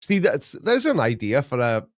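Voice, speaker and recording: A man's voice: medium pitch, very animated, moderate pace, no echo, clean studio sound. A man hosting a casual live stream, chatting in a rambling, jokey way with many restarts. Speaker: host.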